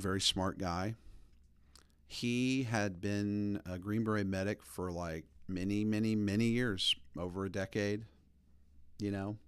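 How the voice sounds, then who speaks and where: A man in his thirties hosting a podcast, telling stories in a rambling, animated way. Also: on the low side, clean tone, dry recording. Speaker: podcast host. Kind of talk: casual opinion talk.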